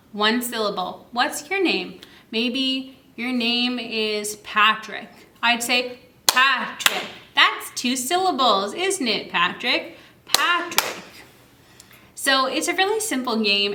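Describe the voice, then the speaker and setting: A young woman, a children's librarian, explains reading games to parents in a cheerful way, sounding out words slowly and clearly while she demonstrates at a table. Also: a little high, sharp tone, slight background noise. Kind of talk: instructional video for parents. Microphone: camera mic.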